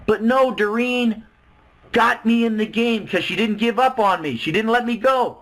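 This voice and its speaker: Upbeat male webinar presenter, high and bright, hard-selling. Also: moderate pace, poor audio. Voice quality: excitable, salesy, acts out quoted voices. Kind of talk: sales pitch on a webinar.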